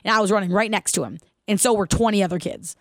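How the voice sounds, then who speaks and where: A woman in her thirties hosting her own podcast, telling a personal story in an animated, casual way, laughing as she goes and asking listeners questions. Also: medium pitch, fast, no room sound, clean studio sound. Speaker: podcast host.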